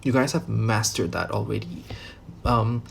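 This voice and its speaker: Gravelly, casual man reading tarot cards. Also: fairly low pitch, a little slow, a little hiss or hum. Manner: loose, rambling, lots of fillers and restarts, casual swearing. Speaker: tarot reader.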